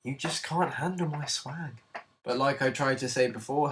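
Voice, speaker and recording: A young man hosting his own vlog at home in a goofy, self-mocking, excitable way. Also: mid-range voice, moderate pace, distant mic, music in the background. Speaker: vlogger host. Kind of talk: jokey casual vlog.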